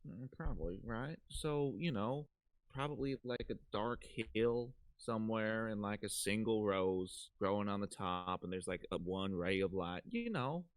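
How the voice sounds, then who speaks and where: A man's voice: lowish voice, measured pace, no echo. A man playing a tabletop game, talking in a laid-back, rambling way full of "like" and "you know". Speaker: player. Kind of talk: casual in-character chat in a tabletop game.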